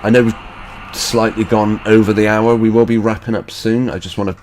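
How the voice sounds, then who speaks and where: A man's voice: on the low side, level tone, fairly quick, a little mellow, a little hiss or hum. A man hosting an online show, making skeptical, rambling remarks over video clips. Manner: skeptical, rambling asides with fillers. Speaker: host.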